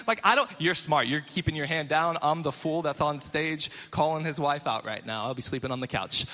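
A bright, forceful male voice preaching on stage, telling stories with lively, self-deprecating humor. His voice sits a little high and carries a long reverb from the large hall around him. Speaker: pastor. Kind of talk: sermon. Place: church stage before a congregation.

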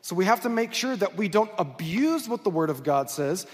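High-voiced pastor preaching in a reverberant church. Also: male voice, big pitch swings, moderate pace. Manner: conversational, asks the congregation questions. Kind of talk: sermon. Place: church sanctuary. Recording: long hall reverb.

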